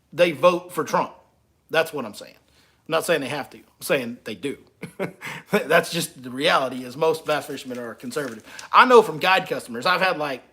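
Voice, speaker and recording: A man's voice: fairly high pitch, a bit bright. A man, a fishing guide hosting a casual livestream, reading comments and teasing with frequent laughs. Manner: joking, teasing and laughing between lines.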